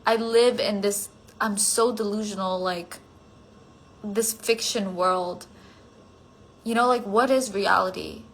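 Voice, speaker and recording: A woman's voice: medium pitch, steady tone, takes it slowly. Rambling tired young woman on a livestream. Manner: rambling, many "like" fillers, drifting thoughts; drops to a soft near-whisper at times. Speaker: livestream host answering fan comments. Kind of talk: casual chat on a solo phone livestream.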